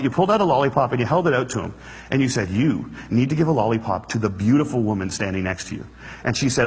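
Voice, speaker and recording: A man with a mid-range, slightly rough voice gives an earnest stage talk built on storytelling. He moves quickly and plays the room for laughs, his words carrying hall reverb.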